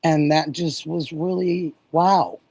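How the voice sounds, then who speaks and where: Slow-talking chatty woman host. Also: low-pitched, fairly even intonation, slightly rough, low-quality recording. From Oregon. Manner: warm, gushing, reads and answers chat messages. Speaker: livestream host. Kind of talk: casual livestream chat with viewers.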